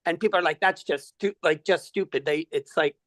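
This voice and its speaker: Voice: mid-range voice, a little fast, fairly bright tone, no echo. A caller asking a coach a question in a rambling, conversational way. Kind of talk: casual question.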